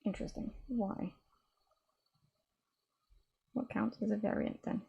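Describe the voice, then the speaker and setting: A woman game developer talking casually on a live stream while she codes at her desk. She thinks aloud, halting and restarting often. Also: mid-range voice, fairly even intonation, vocal fry, slightly rough, muffled recording. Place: home desk.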